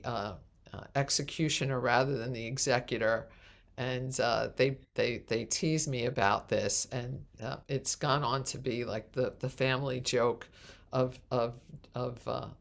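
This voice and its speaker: Woman minister telling a lively personal story. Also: very deep voice, unhurried, vocal fry. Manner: animated storyteller acting out voices, with restarts. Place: congregation meeting hall.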